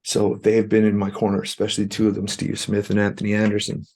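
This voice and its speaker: A man from Canada with a low, gravelly, husky voice, telling stories as an interview guest. He talks in an animated way and acts out other people's lines as he goes. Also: fast. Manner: animated, acts out quoted dialogue. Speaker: musician guest. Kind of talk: storytelling interview talk.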